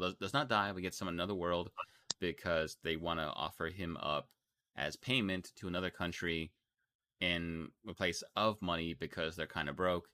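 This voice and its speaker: A man's voice: deep voice, bright, forceful tone. A young man from Texas with a Texan accent, hosting a casual podcast chat about anime and rambling through restarts and fillers. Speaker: podcast host.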